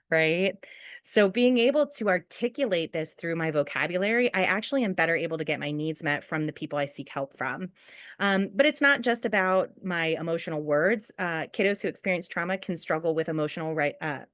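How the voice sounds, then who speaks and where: A woman's voice: fairly low pitch, lively intonation, fairly quick, fairly bright tone, no echo, clean studio sound. A woman leading a school staff training webinar, talking in a chatty way and often asking "right?" to check in with listeners. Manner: chatty, often asks "right?" and acts out quotes. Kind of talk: conversational webinar training talk.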